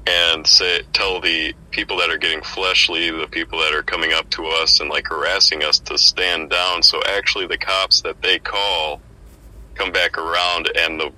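A man's voice: sits low, flat delivery, moderate pace, pushed and bright, poor audio. A man who preaches on the street, talking in a casual Bible discussion, thinking aloud and hesitating as he searches for words.

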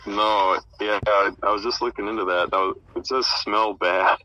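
A man's voice: fairly low pitch, steady tone, moderate pace, sharp tone, no echo, lo-fi sound. A man taking part in an informal Bible study, offering thoughts hesitantly and with many fillers.

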